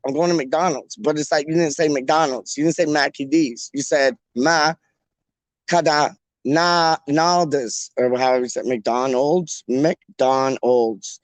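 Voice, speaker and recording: Young guy rambling on his fan stream, jokey slangy chat, kinda high voice. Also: steady tone, a little slow, no room sound. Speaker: fan channel host. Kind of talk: casual solo live-stream chat.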